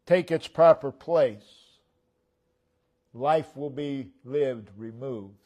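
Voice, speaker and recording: Man preaching slow in a church, highish voice, hammers the same phrase over and over then trails off quiet. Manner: emphatic, repetitive preaching cadence, drops to low murmurs at phrase ends. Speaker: pastor. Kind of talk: sermon. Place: church sanctuary.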